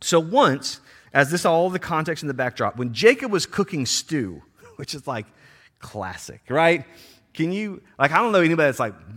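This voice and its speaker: A man's voice: a little high, very animated, normal speed, a bit bright. A man preaching a sermon in a casual, slangy way, acting out the people in the story with playful voices. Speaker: pastor.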